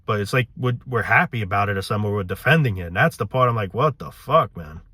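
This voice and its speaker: A man's voice: lowish voice, quick pace, sharp tone, no echo. A man hosting his own vlog channel, ranting in a loose, frustrated way, saying "man" often and swearing. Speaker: channel host.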